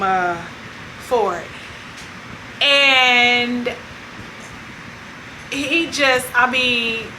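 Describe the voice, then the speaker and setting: A woman hosting her own vlog, telling a story in a casual, animated way and acting out what other people said. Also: on the high side, background noise. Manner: animated retelling that acts out other people's lines. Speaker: vlog host.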